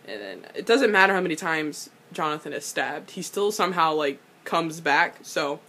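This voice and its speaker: A young woman casually recapping a TV episode, excitable, swearing freely and breaking into loud laughing rants. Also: low-pitched, moderate pace.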